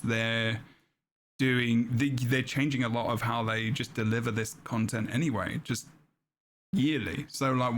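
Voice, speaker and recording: A man co-hosting a gaming podcast, chatting casually, laughing often and quick to agree. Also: medium pitch, a little hiss or hum. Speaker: podcast co-host.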